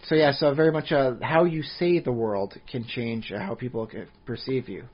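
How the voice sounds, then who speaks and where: A man with a husky voice, chatting on a podcast and rambling with many restarts. His pitch sits in the middle. The audio is dull and lo-fi. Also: fairly even intonation, moderate pace. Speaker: podcast co-host. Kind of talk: casual chat.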